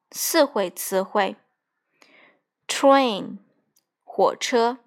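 A woman works through a textbook vocabulary lesson. She reads each word carefully and pauses to give its translation. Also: fairly high pitch. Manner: deliberate, word-by-word drilling with translations. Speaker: English teacher. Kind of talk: bilingual textbook vocabulary reading.

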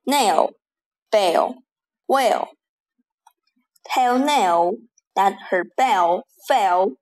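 A woman reads a children's rhyming lesson at an extremely slow pace, pausing after every single word. Her delivery is careful and deliberate, with a middle-pitched voice. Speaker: teacher reading rhymes.

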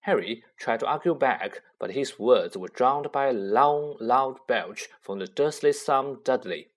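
Expressive male audiobook narrator. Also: mid-range voice, unhurried. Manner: expressive, varied intonation. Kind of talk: scripted storybook narration.

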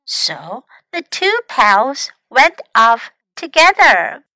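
A woman English teacher reading a storybook aloud slowly and clearly, switching between two languages, on a close microphone. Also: a little high, lively intonation, sharp tone, no echo. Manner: slow, clear, careful reading.

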